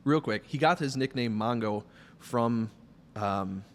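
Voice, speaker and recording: A man on a studio podcast as a guest, telling long stories in a rambling, animated way with plenty of fillers. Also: mid-range voice, slow, slight background noise. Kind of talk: casual storytelling chat.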